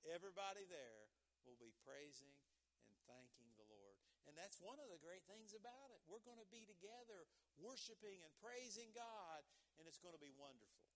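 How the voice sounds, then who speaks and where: Male pastor, bright and high, emphatic sermon delivery. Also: expressive, normal speed. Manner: emphatic preaching, swings from shouts to hushed tones.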